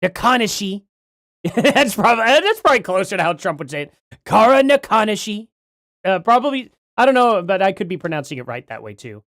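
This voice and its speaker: Chatty streamer with a lively, bouncing voice. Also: mid-range voice, fast, no echo, clean studio sound. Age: adult parent. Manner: rambling, self-correcting, chatty. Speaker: livestream host. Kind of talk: casual livestream chat reading donations.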